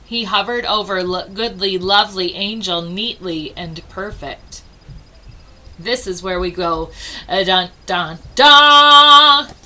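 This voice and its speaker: A woman reading a children's storybook aloud with expressive delivery and dramatic pauses. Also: medium pitch, rough recording. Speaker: storybook reader.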